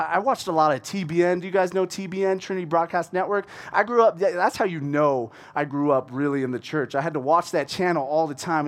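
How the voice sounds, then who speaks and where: Lively high-voiced man preaching a sermon. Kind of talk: conversational sermon.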